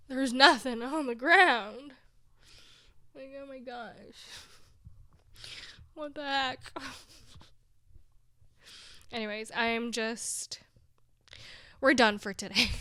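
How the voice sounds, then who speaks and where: A woman's voice: high-pitched, bright, forceful tone, no room sound. A young woman hosting her own podcast, rambling in a casual monologue, weary and discouraged but laughing at herself, near tears at times. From big city. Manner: rambling, self-deprecating, laughs often. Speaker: podcast host.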